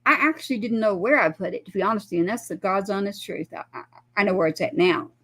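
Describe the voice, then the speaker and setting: A woman with a mid-range voice talks at a quick pace as a talk show guest. In casual chat she tells a personal story, animatedly acting out the quoted dialogue of those involved.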